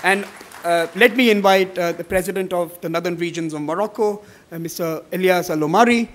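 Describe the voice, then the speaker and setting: A middle-aged man giving formal welcome remarks at a conference, measured, with many fillers when he speaks off the cuff. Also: high voice, some chatter behind, a little hiss or hum. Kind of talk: formal welcome speech, partly read, partly ad-libbed.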